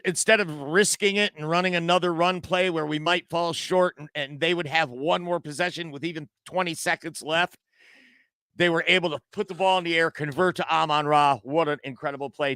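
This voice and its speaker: A man co-hosting a casual sports talk show, reading viewer comments aloud in an animated way. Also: fairly high pitch, brisk, clear, resonant tone, dry recording. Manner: animated, laughing often.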